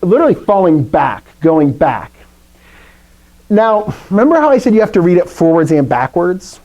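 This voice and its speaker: A man's voice: sits high, big pitch swings, normal speed, warm tone, low-quality recording. A man teaching a Greek class, explaining rules playfully and asking his students questions. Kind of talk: live classroom lesson.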